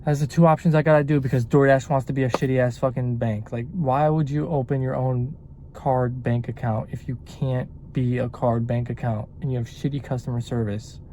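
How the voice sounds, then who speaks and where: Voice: medium pitch, fairly quick, a little hiss or hum. A young adult delivery-driver vlogger ranting in a casual, exasperated, profane way. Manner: animated, exasperated, swears a lot. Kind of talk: casual vlog rant.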